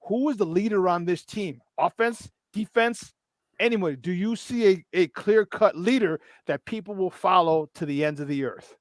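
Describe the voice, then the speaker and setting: A man co-hosting a casual sports talk show, telling stories with lots of fillers, swearing freely, and getting loud when he acts out a scene. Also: high-pitched, normal speed, no room sound. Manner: animated storyteller who shouts in retold scenes, swears freely. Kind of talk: casual sports radio chat.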